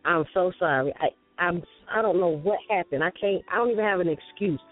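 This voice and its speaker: A woman's voice: lowish voice, fairly quick. A woman co-hosting a casual morning show, speaking earnestly and laughing easily. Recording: tinny phone-like sound with faint music.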